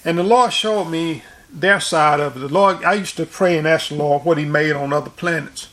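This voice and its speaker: A man's voice: a little high, moderate pace, fairly bright tone. A man preaching informally and recounting a dream, rambling with frequent restarts and repeated words. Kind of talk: informal sermon and dream testimony.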